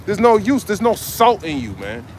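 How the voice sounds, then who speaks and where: A man delivers a fiery open-air street sermon, exhorting passersby and capping his lines with "man." His voice sits high for a man. He is recorded outdoors at an urban marketplace, with faint traffic noise behind him. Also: big pitch swings, normal speed, a little mellow. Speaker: street preacher.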